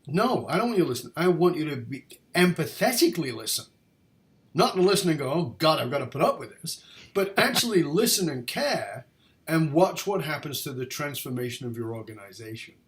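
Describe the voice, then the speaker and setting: A middle-aged man from northern England hosting a podcast interview, telling stories in an earnest, animated way. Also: on the high side, fairly quick. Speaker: podcast host. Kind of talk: interview chat.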